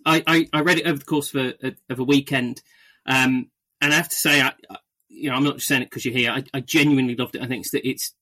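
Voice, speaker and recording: Male podcast host, bright and forceful voice, mid pitch, eager, stumbles and restarts a lot, casual chat. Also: steady tone, quick pace. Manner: stammering restarts, enthusiastic.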